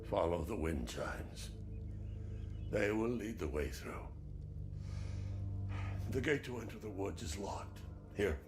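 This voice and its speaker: A slow, deep old villager, gravelly, game NPC. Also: male voice, animated, over music. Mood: guiding. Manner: slow, measured guidance. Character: old man villager giving directions. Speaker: game character.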